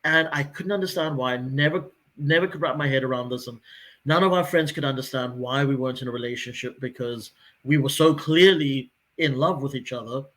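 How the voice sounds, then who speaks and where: A man in his forties on a casual podcast, telling a personal story with lively acted-out dialogue. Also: mid-range voice, brisk. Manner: animated storyteller who acts out quoted dialogue.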